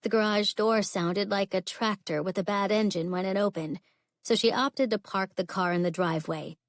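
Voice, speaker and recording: A woman narrating a contemporary romance audiobook in a steady, even storytelling voice. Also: mid-range voice, normal speed, dry recording, clean studio sound. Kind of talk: scripted narration.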